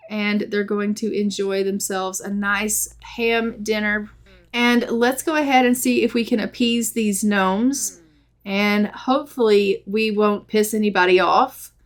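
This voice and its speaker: A woman giving casual, chatty let's-play commentary, giggling and voicing her characters' thoughts in quick asides. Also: mid-range voice, fairly even intonation. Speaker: gameplay narrator.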